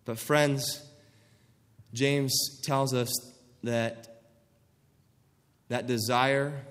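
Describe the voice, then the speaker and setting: A man's voice: medium pitch, steady tone, drawn-out words, fairly bright tone, big-room sound. A man preaching a sermon, earnestly reading scripture and acting out quoted voices for emphasis.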